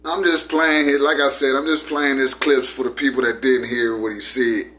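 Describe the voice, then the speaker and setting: A man's voice: medium pitch, level tone, moderate pace, fairly bright tone. A man hosting his channel, talking casually and telling a story in a laid-back, repetitive way. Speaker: channel host.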